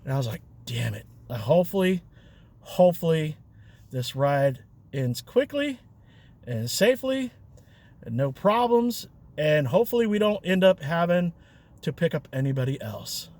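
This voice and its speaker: A man's voice: fairly high pitch, big pitch swings, normal speed, darkish tone. A man, a rideshare driver and vlogger, telling a story in a chatty, loose way with fillers and chuckles. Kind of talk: casual storytelling.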